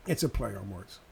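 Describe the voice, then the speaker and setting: A man's voice: on the low side, vocal fry, darkish tone, a little hiss or hum. A man ranting sarcastically and profanely in a political video commentary.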